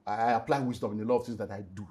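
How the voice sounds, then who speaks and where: A middle-aged Nigerian man, a pastor, telling an earnest, animated personal story in an interview and slipping into Pidgin. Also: fairly low pitch, very fast, slight background noise. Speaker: pastor and relationship speaker.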